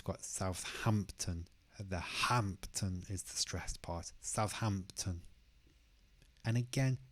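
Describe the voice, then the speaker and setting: A man teaching English pronunciation, slowly repeating each word clearly for learners in a careful lesson style. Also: sits low, darkish tone.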